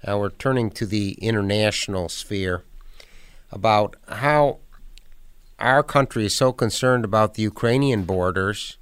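Radio host, male, low smooth voice, measured questioning, dry studio sound. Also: fairly bright tone, dry recording. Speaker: radio talk show host. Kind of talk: radio interview.

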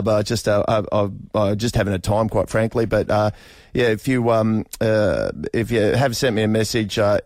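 A man's voice: on the low side, no echo. Man, Australian accent, radio host, casual rambling chat, lots of fillers, dry close studio sound. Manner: rambling and chatty, with many fillers and restarts, often laughing. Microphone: studio microphone.

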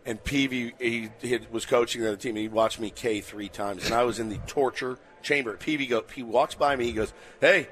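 A man co-hosting a sports talk show, telling stories in an animated way and laughing easily. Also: mid-range voice, brisk, few pauses. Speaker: sports radio co-host.

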